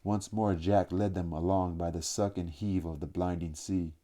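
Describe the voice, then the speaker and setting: Male audiobook reader, low pitch, very dark mellow tone, steady and measured delivery. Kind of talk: audiobook narration.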